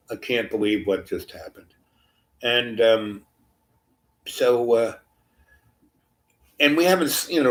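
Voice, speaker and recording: A man's voice: medium pitch, darkish tone. A middle-aged man telling a long personal anecdote in a meandering way, full of fillers and restarts. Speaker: storyteller.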